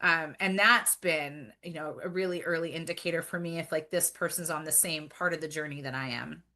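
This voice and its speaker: A woman's voice: deep voice, a little fast, bright, forceful tone. A woman guest on a podcast, talking earnestly and reflectively in casual chat, with frequent fillers.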